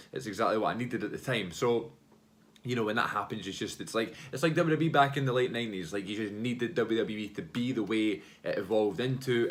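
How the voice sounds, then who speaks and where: A man hosting a wrestling podcast, chatting casually on his own in a rambling way, full of fillers like "you know" and "like" and frequent self-corrections. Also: fairly low pitch. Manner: loud, upbeat greeting at the start. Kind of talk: casual solo chat.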